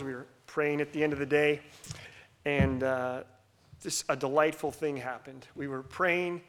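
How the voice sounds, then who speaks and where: Bright, animated middle-aged male pastor. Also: fairly high pitch. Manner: animated, swings between loud bursts and hushed whispers; leads the congregation in call-and-response. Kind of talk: sermon.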